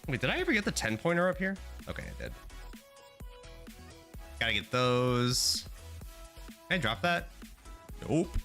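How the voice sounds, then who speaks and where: A man's voice: mid-range voice, big pitch swings, unhurried, long pauses, pushed and bright, soft background music. A young man streaming a video game, chatting casually to his audience in playful, rambling rants with lots of swearing. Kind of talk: casual gaming livestream chat.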